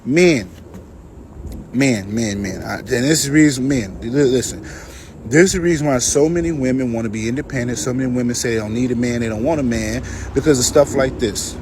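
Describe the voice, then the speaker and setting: A man talking through a reaction video in a casual, emphatic way. He repeats his points and preaches a little. His voice sits at an ordinary pitch, with faint background hum. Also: fairly quick.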